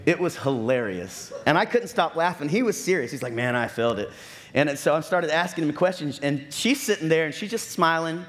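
A man preaching a sermon as pastor, telling stories and acting out what people said, with lively asides. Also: on the high side. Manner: storytelling with acted-out quotes and lively asides.

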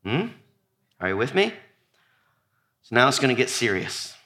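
Um homem pregando um sermão animado a uma congregação, alternando entre listas quase sussurradas e apelos em voz alta à plateia. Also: male voice, mid-range voice, moderate pace. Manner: animated preaching, drops to near-whisper on repeated lists, calls out to congregation. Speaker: pastor. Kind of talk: sermon. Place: church before a congregation.

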